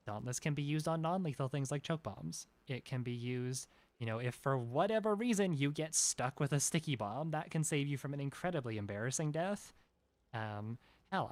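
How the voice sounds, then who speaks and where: A woman's voice: very deep voice, a little mellow, no room sound. A woman streaming a game, chatting casually with many restarts and frequent giggles. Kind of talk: casual gameplay commentary.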